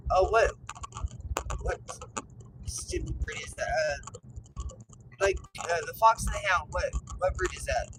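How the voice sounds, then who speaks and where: Woman, 50s, grandmother, casual chat, halting, lots of fillers, lively pitch, noisy recording. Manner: rambling, halting, with many fillers and restarts. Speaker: grandmother telling family stories. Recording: noisy with vehicle and background hum.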